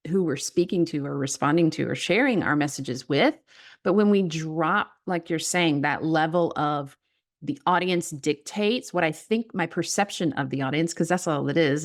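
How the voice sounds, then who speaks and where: A woman with a Southern American accent, a writing coach talking earnestly on a podcast, musing and laughing softly as she speaks. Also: sits low. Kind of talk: reflective podcast conversation.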